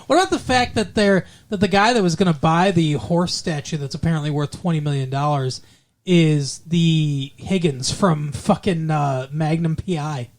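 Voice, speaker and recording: A man's voice: on the high side, normal speed. A man co-hosting a casual movie review podcast, rambling and joking, often breaking into mock impressions. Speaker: podcast co-host.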